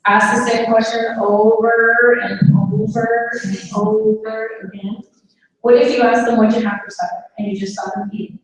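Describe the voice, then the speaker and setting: A woman's voice: fairly high pitch, level tone, unhurried. A woman giving a live caregiver workshop, drawing the audience in with questions. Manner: engaging, asks the audience questions. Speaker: dementia caregiver workshop speaker. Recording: echoey room, mic far off, faint noise.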